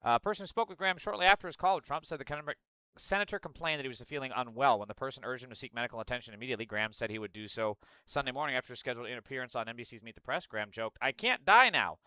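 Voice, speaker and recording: A man's voice: medium pitch, expressive, rapid-fire, sharp tone, clear, resonant tone, dry recording. A young man from the United States doing casual reaction commentary, reading news aloud and ranting with profane sarcasm. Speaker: political commentator.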